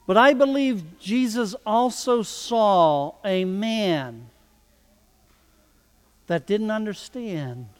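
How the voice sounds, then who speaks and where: High-voiced slow preacher in reverberant hall. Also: male voice. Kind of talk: sermon.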